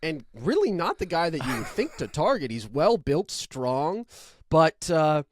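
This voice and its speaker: A man co-hosting a casual sports podcast, telling stories with dry, deadpan sarcasm and lively energy. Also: on the high side, a little slow, slight background noise. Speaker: podcast co-host. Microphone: own microphone, remote recording.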